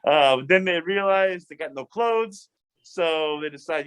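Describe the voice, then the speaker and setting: A man, a rabbi, leading a casual Bible study, talking in an animated, chatty way with many restarts and asides. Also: fairly high pitch, a little slow, clean tone.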